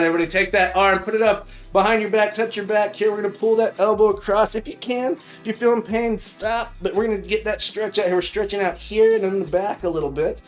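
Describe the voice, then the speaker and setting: A high-voiced man hosts a live stream in a playful, upbeat way, coaching his viewers through stretches. He talks over a desk mic with faint music behind him. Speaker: livestream host. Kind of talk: live coding stream chat.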